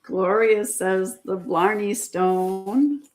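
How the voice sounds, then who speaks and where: A woman's voice: medium pitch, very slow. A woman hosting a casual livestream trivia chat, patiently repeating each question and reading out viewers' answers. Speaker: livestream host.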